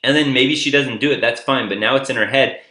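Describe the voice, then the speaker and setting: A man's voice: medium pitch, fairly quick, sharp tone, roomy sound. A man coaching viewers on relationships in a loose, conversational way, acting out the lines he quotes. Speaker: dating advice coach. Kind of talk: casual advice monologue.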